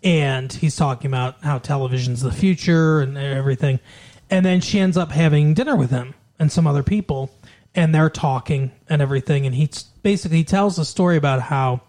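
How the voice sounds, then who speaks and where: Podcast cohost just rambling thru a movie plot, doing little character voices, medium pitch. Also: a little mellow. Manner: retells plot at length, acting out quoted lines. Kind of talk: casual chat recapping a film.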